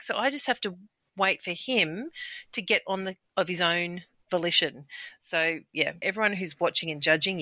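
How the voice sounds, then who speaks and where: A woman's voice: lowish voice, bright, forceful tone, no room sound. A woman guest telling frank, candid stories about raising her boys, laughing often and swearing casually. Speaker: guest, mother of three boys. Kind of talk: candid conversational storytelling.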